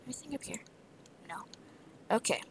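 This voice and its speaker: A woman's voice: moderate pace, poor audio. Woman half-whispering game commentary. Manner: mutters to self, half-whispered, frustrated outbursts. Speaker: gamer. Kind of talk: let's play commentary.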